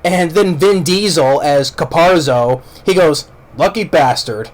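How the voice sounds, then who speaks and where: A man with a somewhat high voice gives a loose spoken movie review. He rambles, restarts his sentences and repeats words as he goes, and he talks in a blunt, excited way with casual swearing. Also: slow pace.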